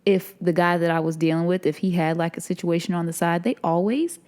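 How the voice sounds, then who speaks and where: A woman's voice: lowish voice, a little mellow. Blunt, cussing woman co-host. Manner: blunt, profane storyteller, quick laughs. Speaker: podcast co-host. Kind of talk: casual chat.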